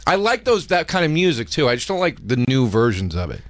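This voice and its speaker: A man hosting a podcast, telling stories in casual chat with lots of swearing and animated quoting. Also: on the high side, fast talker. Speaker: podcast host.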